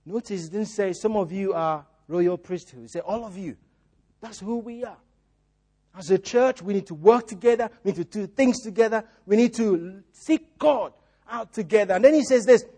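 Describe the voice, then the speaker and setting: A man's voice: high voice, normal speed, dark tone. A male preacher giving a sermon in a church, repeating key phrases and putting rhetorical questions to the congregation.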